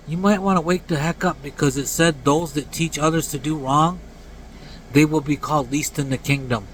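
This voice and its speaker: A man's voice: a bit bright, slight background noise, rough recording. Blunt, earnest man in his late forties. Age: 40s. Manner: blunt and earnest, drops to low mumbled tags at line ends. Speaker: vlogger. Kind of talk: casual preachy rant to camera.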